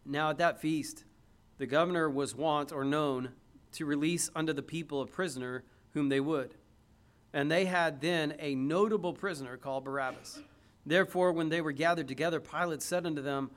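A man's voice: on the high side, normal speed. A man preaching an emphatic sermon, reading scripture aloud and putting rhetorical questions to his listeners.

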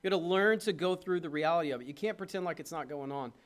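A middle-aged man, a pastor preaching a sermon with impassioned urging that drops to soft tenderness. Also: fairly high pitch, fast.

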